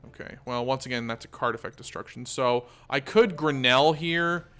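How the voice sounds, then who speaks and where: A man's voice: medium pitch, moderate pace, bright, forceful tone. A man hosting a gaming channel, chatting casually and thinking aloud as he plays. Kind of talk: casual let's-play commentary.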